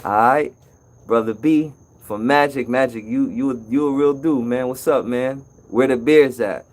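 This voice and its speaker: A man hosting a casual live-stream call-in show as an appliance repair technician, telling stories in an animated way. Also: medium pitch, normal speed, low-quality recording. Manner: animated storytelling, acts out customer's voice.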